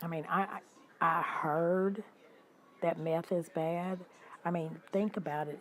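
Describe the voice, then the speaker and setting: A woman, hosting a livestream and telling stories in an animated, indignant way while talking to her viewers. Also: fairly low pitch, a little slow, low-quality recording. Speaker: livestream host. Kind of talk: casual storytelling to live chat.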